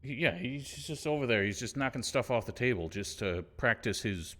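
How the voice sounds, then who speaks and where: A man's voice: medium pitch, animated, moderate pace, a bit bright. A man streaming a game, rambling casually with wry asides. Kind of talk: casual gameplay commentary.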